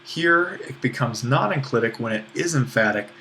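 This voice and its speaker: A man teaching a recorded Greek grammar lesson, explaining in a relaxed way with small laughs and self-corrections. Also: medium pitch, normal speed, a little hiss or hum.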